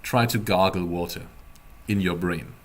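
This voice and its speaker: A man teaching a beginner language class, explaining pronunciation slowly in a playful, teasing way. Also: low voice. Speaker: German teacher.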